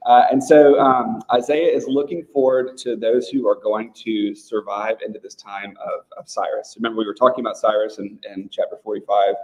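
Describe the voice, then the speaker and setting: A man's voice: on the low side, fairly even intonation, normal speed, hardly any pauses, a little mellow, rough recording. A man leading a small-group Bible study in a casual, conversational way, often checking in with his listeners. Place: church room with a men's group.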